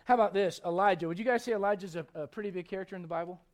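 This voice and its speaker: A man's voice: sits high, very fast. A male pastor preaching a sermon in a conversational, emphatic way, acting out quotes with frequent restarts.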